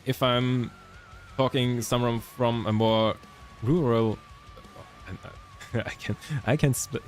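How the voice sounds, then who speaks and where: A young man from Germany with a German accent, chatting casually with stream viewers and rambling with many self-corrections. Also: lowish voice. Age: young adult.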